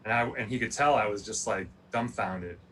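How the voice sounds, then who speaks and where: A man's voice: fairly low pitch, fairly quick, recorded from a distance, slight background noise, rough recording. A man, an Olympic athlete, telling his story casually and animatedly, acting out what people said. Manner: animated, acts out quoted dialogue, many "like" fillers.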